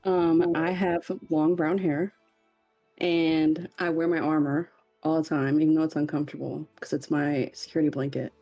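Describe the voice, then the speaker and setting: A woman's voice: low voice, level tone, normal speed, dark tone, faint music behind. A woman player describing her character in a hesitant, run-on way.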